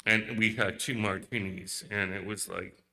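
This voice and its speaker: A man giving a hesitant, emotional memorial speech, pausing often and searching for words. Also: on the low side, fairly even intonation, gravelly, bright, forceful tone. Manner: hesitant, emotional, many pauses and fillers. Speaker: eulogy speaker. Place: memorial service hall. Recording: long hall reverb.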